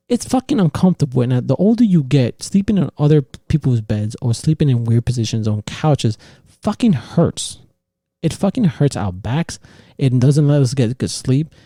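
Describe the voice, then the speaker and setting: A man with a dark, gravelly voice delivers a heated, profane podcast rant. His pitch swings widely as he mocks imagined arguments. The sound is dry and close. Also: big pitch swings, moderate pace, no room sound. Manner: profane, heated ranting with mocking quoted voices. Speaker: podcast host. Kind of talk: casual opinion rant.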